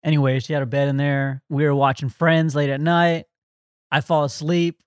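A man's voice: a little high, little pitch movement, moderate pace, smooth, dry recording, clean studio sound. A man co-hosting a podcast, telling a story in a rambling casual way with lots of "like". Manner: rambling, full of "like" and "um". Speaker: podcast co-host.

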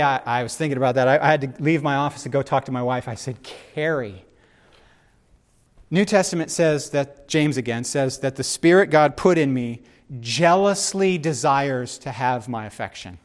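A middle-aged man preaching in an animated, conversational way and often turning to his listeners with asides. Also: mid-range voice. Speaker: pastor. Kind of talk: sermon.

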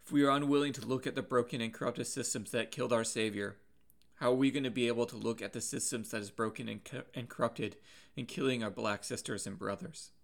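An earnest man delivering a sermon at a measured pace. His voice sits in an ordinary middle pitch, and he pauses and restarts words as he works through his points. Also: fairly even intonation, gravelly. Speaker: preacher.

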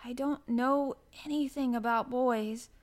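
A shy little girl, bright and eager, her questions rising high and earnest, as a woman reader puts her on. A storybook voice, raised well above the reader's own. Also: animated, normal speed.

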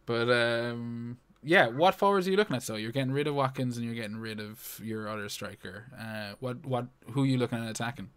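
A man's voice: medium pitch, a little fast, hardly any pauses, a bit bright, clear, resonant tone. A man co-hosting a casual podcast chat, talking loosely with plenty of fillers and swearing. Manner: loose and sweary, full of fillers like "you know" and "um". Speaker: podcast co-host. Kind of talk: casual fantasy football chat.

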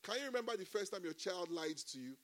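An animated male preacher with a fairly high voice, mixing humor and bursts of praise into his sermon. He shifts between loud exclamations and quieter storytelling. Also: fast talker. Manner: folds laughter and humor into preaching. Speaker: pastor.

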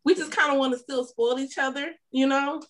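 A woman chatting casually on a podcast, telling animated stories about her husband and acting out his lines. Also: high voice, fairly quick, rough recording. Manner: animated storytelling, acts out quotes, laughs often. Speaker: podcast guest, host's wife. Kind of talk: casual chat.

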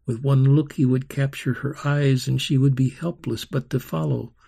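A man reading a story aloud in a slow, rhythmic, expressive way, voicing sound effects himself. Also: medium pitch, creaky, husky.

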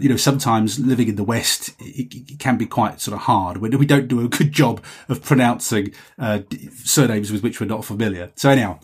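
A man's voice: mid-range voice, husky. A man hosting a podcast, chatting casually and reading out listener messages in a rambling, self-correcting way. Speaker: podcast host.

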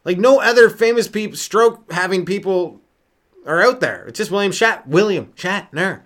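Male stand-up host, slightly high voice, loose riffing delivery, very lively intonation. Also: moderate pace. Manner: rambling, riffing, lots of fillers and sudden voice jumps. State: sleep-deprived. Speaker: stand-up comedian and podcast host. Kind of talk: solo comedy podcast rant.

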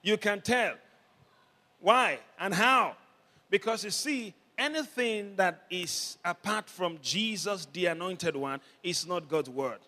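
A man preaching a sermon as pastor, leading the congregation in call-and-response and building up to shouts. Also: sits high, slow. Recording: long hall reverb.

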